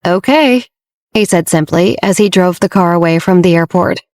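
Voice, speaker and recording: A woman narrating a romance audiobook in a steady, measured storytelling manner, recorded close to the mic. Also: fairly low pitch, no echo. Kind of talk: scripted narration.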